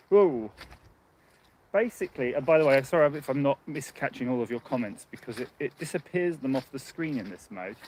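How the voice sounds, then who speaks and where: A man walks a muddy outdoor path, livestreaming casually on a handheld phone and rambling in chatty live talk with frequent laughter. His voice is medium-pitched, with slight background noise.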